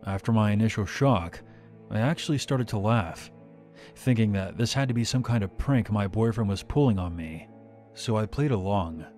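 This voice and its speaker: A man narrating a scripted horror story in a steady, measured way. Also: lowish voice.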